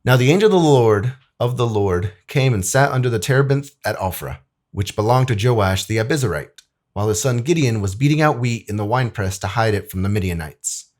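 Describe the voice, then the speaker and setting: A man's voice: mid-range voice, expressive, brisk, a little mellow. Young guy talking about the bible, super casual, says like a lot, reads verses out. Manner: loose and chatty, many "like"s, acts out quotes. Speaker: video editor presenting a Bible lesson. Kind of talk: casual Bible talk and scripture reading.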